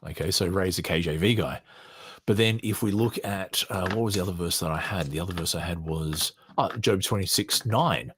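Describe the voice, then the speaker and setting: A man's voice: low-pitched, brisk, husky, dry recording. A man hosting a podcast, giving sarcastic, chuckling commentary and reading partly from a script, with frequent restarts. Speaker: podcast host.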